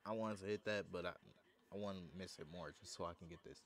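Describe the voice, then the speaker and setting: A man commentating his own basketball video game, swinging from low muttering to excited shouting. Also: fast. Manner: hyped, shouting bursts between low muttering. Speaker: gaming streamer. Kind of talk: excited live commentary over gameplay.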